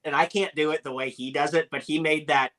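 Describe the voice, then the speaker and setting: A young man telling animated anecdotes as a podcast guest, with lots of filler words. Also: fairly high pitch, fairly quick, noisy background. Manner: animated storyteller, many "like" fillers.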